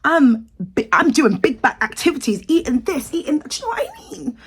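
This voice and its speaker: A woman's voice: high voice, very animated, normal speed. A young British woman from the UK giving sassy, outraged celebrity commentary in a casual vlog, with exaggerated reactions. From United Kingdom. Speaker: commentary vlogger.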